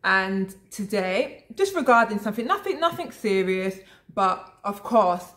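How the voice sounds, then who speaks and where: A woman's voice: medium pitch, very animated, a little slow, fairly bright tone. A woman vlogger chatting casually to camera, calling her viewers "guys" and often restarting her sentences. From lives abroad in Italy. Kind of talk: casual vlog chat to camera.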